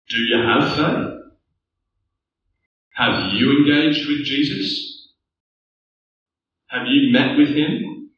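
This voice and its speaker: A man's voice: medium pitch, extremely slow, pauses often, a bit bright, a little hiss or hum. A man preaching a sermon, earnest and building to rhetorical questions. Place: church hall. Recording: echoey distant church room mic.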